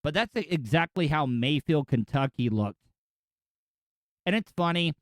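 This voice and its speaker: A man's voice: a little high, animated, measured pace, no room sound. Rambling Florida podcast host in his forties. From Florida, USA. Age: 40s. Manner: rambling, opinionated, conversational. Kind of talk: casual solo podcast monologue.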